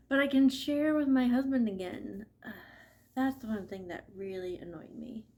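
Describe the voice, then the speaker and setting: A woman's voice: a little high, takes it slowly, dark tone. A woman vlogging casually about her knitting, chatty and laughing often, with a stuffy nose from allergies. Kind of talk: casual chat.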